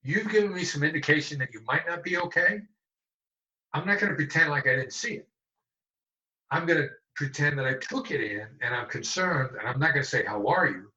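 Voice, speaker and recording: A man's voice: a little high, expressive, a little fast, bright, forceful tone. A man in his sixties, a guest negotiator, explaining in an emphatic way and repeating phrases for stress, heard over a remote call. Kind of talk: conversational interview. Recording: echoey room, dull lo-fi sound.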